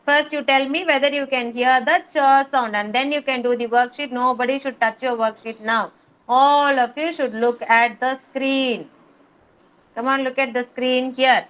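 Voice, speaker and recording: A woman teaching phonics to small children over a video call, sounding out letters slowly and patiently repeating words. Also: sits high, steady tone, fairly bright tone, dull audio. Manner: slow, drawn-out sounding of letters, patient repetition. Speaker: kindergarten teacher. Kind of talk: online phonics lesson for young children.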